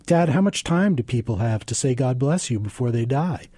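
A man's voice: mid-range voice, lively intonation, moderate pace, warm tone, slightly rough, dry recording. A man reading the part of an earnest seven-year-old boy asking questions.

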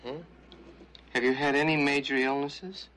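An actor playing a polite male doctor in a comic film, asking calm, clipped questions. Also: on the high side, moderate pace, a little hiss or hum.

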